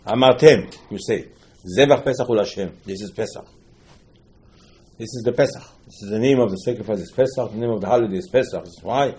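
A man gives a storytelling Torah class in a warm, mellow voice. He keeps repeating key phrases for emphasis and slips Hebrew terms into his English. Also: lowish voice. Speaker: rabbi teaching Talmud.

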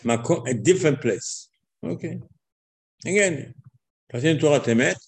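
A man teaching a religious lesson in a lively storytelling way, acting out dialogue and repeating his words for emphasis. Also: fairly high pitch, unhurried.

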